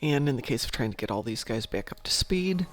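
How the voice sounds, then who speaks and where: A man's voice: mid-range voice, lively intonation, a little fast. A man hosting a casual gameplay stream, just woken up and rambling as he thinks aloud. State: sleepy, just woke up. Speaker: gaming channel host.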